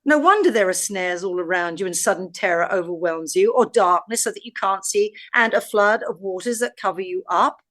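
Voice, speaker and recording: A woman with an English accent, co-hosting a podcast and reading scripture aloud in a measured, deliberate way. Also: mid-range voice, a bit bright. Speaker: podcast co-host.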